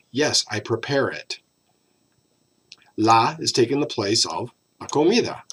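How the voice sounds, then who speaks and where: Husky-voiced man teaching a grammar lesson. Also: mid-range voice, animated, a bit bright. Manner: patient, explanatory, stretches key words slowly. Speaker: Spanish teacher.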